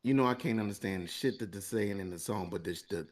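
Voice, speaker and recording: A man's voice: lowish voice, quick pace. A man co-hosting a podcast, telling a long story in a casual, profane, rambling way and laughing between lines. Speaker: podcast co-host.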